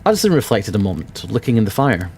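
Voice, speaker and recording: A man's voice: lowish voice, sing-song, fast, a little mellow, slightly rough. A man from Edinburgh with a Scottish accent, reading a classic novel aloud in a dramatic storytelling manner with occasional stumbles. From Scotland. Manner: dramatic storytelling with occasional slips and self-corrections. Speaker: narrator, audiobook reader.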